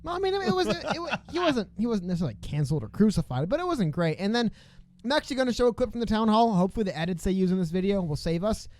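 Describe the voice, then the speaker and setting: A man co-hosting a casual political podcast, talking quickly with sarcastic asides. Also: sits high, sing-song, darkish tone, dry recording. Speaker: podcast co-host.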